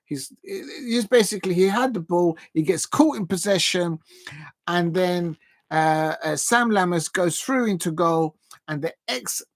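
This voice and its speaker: Man, streamer type, excitable live football commentary with a slightly gravelly edge and casual slang. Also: sits high, a little slow. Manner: rambling and excitable, with frequent restarts and self-corrections; casual slang, chatty asides to viewers. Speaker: football watch-along streamer.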